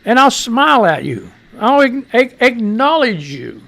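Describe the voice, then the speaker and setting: A man's voice: very high-pitched, very animated, measured pace, creaky, fairly bright tone. A middle-aged American man hosting a live radio news show, rambling and profane, talking back to himself as he reads the news. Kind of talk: casual live-stream news commentary.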